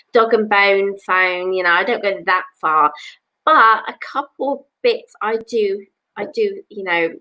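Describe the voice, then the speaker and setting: A woman from England with a fairly high voice hosts a psychic live stream from her home. She chats with viewers in a rambling way and keeps saying "you know.". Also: sharp tone, poor audio. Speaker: psychic reader.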